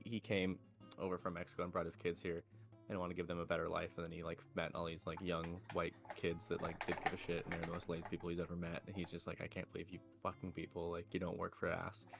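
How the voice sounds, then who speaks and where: A man co-hosting a podcast, chatting in a quick, offhand, plainspoken way. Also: low voice, flat delivery, soft background music. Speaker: podcast co-host. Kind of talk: casual chat.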